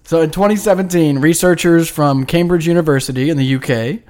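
A man's voice: fairly high pitch, brisk, darkish tone. A man co-hosting a podcast, explaining science in a casual chat, joking, laughing often and swearing casually. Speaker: podcast co-host.

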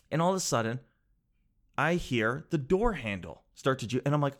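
Animated man telling a casual story. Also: medium pitch, fairly quick. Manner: animated, swears freely, acts out quoted voices.

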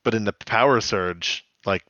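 Low-voiced male podcast co-host, chatty recap tone, dull lo-fi mic. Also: sharp tone, no room sound. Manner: chatty, recounts scenes with quick quoted voices. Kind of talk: casual recap chat.

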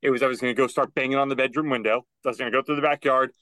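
A young man co-hosting a podcast, telling a casual story and acting out quotes with rising pitch. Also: fairly even intonation, racing, sharp tone, no echo. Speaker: podcast co-host. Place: closet at home.

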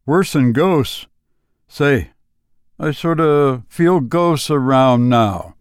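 A man voicing a lonely backwoods boy who speaks in slow, flat, matter-of-fact rural talk. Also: medium pitch, clean tone, dry recording, studio quality. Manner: slow drawling rural speech, flat and unbothered.

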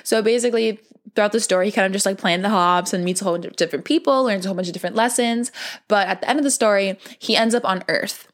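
A young adult woman hosting a podcast, talking in a gentle, earnest, casual way, full of "like" and calling her listeners "baby". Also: mid-range voice, racing. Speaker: podcast host. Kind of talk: casual heartfelt monologue.

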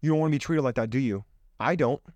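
In a muffled recording without echo, a podcast host speaks fast at medium pitch with a darkish tone. He's delivering an emphatic motivational monologue built on rhetorical questions, talking into his own microphone on camera.

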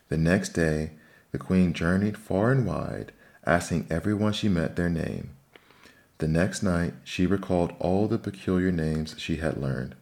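Deep-voiced man reading fairy tales. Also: normal speed, a little mellow. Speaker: storyteller. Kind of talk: fairy tale read-aloud.

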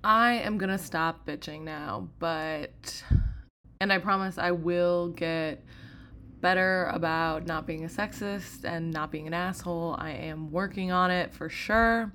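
A woman's voice: fairly low pitch, measured pace, bright, forceful tone, slight background noise. A young woman hosting a casual solo podcast, talking candidly and rambling, self-deprecating and often swearing. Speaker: podcast host.

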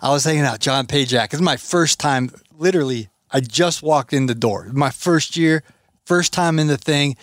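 A man's voice: on the high side, moderate pace, dry recording, studio quality. A man hosting a podcast, telling stories casually and acting out what others said. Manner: animated storyteller, acts out quotes. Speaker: podcast host. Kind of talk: casual chat.

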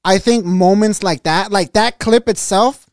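A man's voice: high-pitched, a little slow, clear, resonant tone, no echo, clean studio sound. A young man co-hosting a podcast, telling rambling stories in casual chat. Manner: rambling storyteller, animated retellings. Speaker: podcast co-host.

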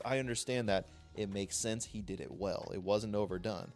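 A man co-hosting a casual podcast chat, ranting in an animated, profane way. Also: lowish voice, moderate pace, few pauses, faint music behind. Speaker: podcast co-host.

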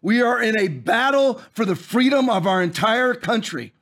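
A man in his forties hosting a fiery commentary show, preaching with scripture, forceful and repetitive. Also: very high voice, lively intonation, normal speed. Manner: preachy, forceful, repeats phrases for emphasis. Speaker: host.

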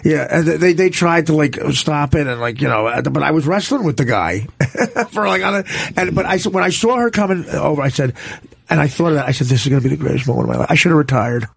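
Man, comedian, storytelling, dry close sound, animated, husky. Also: a little high, fast talker, dry recording. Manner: animated, loud shouted punchlines. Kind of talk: casual storytelling chat.

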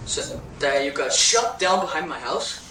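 A man's voice: fairly high pitch, lively intonation, a little slow, bright, forceful tone, soft background music, full character voice. A curious young boy, voiced by an amateur in a homemade cartoon. The lines sound stiff and bouncy, recorded in an echoey room. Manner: stilted, amateur line reading. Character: young boy who finds the hedgehog.

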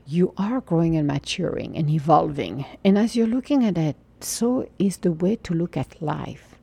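A woman in her forties giving an earnest, encouraging spiritual talk, sometimes sinking into a soft whisper. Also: low-pitched, a little slow, creaky, slightly rough. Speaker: spiritual motivational speaker. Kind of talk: inspirational monologue.

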